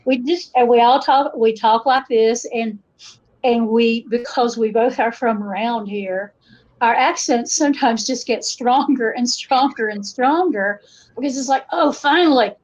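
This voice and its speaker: Her voice fairly high and her pace measured, a woman folklorist from western North Carolina speaks with an Appalachian accent in a casual interview. She storytells with lively asides and voiced quotes, recorded in dull lo-fi podcast quality.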